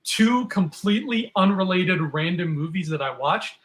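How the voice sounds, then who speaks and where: A man co-hosting a podcast in casual chat, telling animated stories and dropping into silly voices for quotes. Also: high voice, moderate pace. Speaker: podcast co-host.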